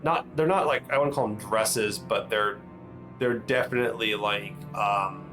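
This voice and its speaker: A man's voice: lowish voice, a little slow, music in the background, low-quality recording. A man narrating a tabletop game as game master, rambling and restarting often. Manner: rambling, lots of fillers and restarts.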